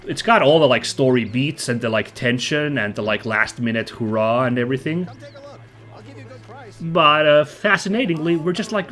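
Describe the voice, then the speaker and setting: A man's voice: mid-range voice, lively intonation, moderate pace, a bit bright, soft background music. A man hosting a let's play, chatting casually and rambling upbeat while a little stuffy and nasal from a cold. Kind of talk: casual gameplay commentary.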